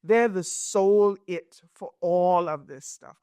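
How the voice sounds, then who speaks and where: A woman's voice: on the low side, slow, warm tone, dry recording, studio quality. A middle-aged woman hosting a podcast, explaining in a reflective, conversational way and often checking in with "right?". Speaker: podcast host.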